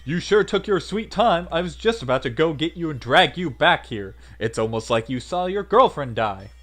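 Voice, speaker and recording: A sunny Southern teen girl with a bright, folksy twang, as a man puts her on. She talks loud and upbeat, her voice leaping high and swinging widely. She is a character in a game playthrough. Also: expressive, moderate pace. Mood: teasing. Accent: Southern US put-on.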